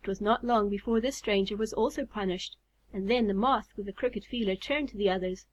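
A woman reading a children's story aloud in a calm, measured way. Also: mid-range voice. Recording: slightly muffled recording.

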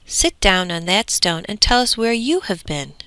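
A woman's voice: mid-range voice, sing-song, moderate pace, bright, forceful tone, smooth, no echo. A woman voicing the old mother of the winds, stern and scolding. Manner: scolding, firm.

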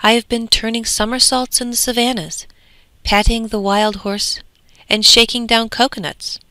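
A woman's voice: a little high, normal speed, no echo, pitched above the performer's own voice. A woman voicing the west wind as a wild, boastful young man. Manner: lively, boastful.

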